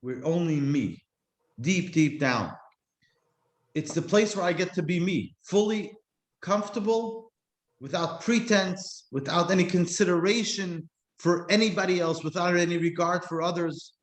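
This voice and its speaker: Brief: a reflective male teacher giving a class, slightly high voice, roomy echo. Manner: reflective, slows to stress key words. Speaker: Jewish teacher. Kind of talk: explanatory class talk.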